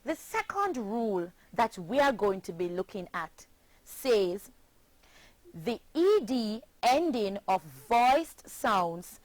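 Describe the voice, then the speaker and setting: A woman's voice: mid-range voice, no room sound, rough recording. A woman with a Jamaican accent teaching a scripted phonics lesson, spelling words out letter by letter.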